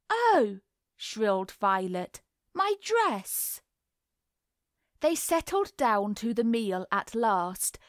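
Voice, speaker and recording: A woman narrating a classic novel as an audiobook in a measured, unhurried reading. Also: on the high side, no room sound, clean studio sound.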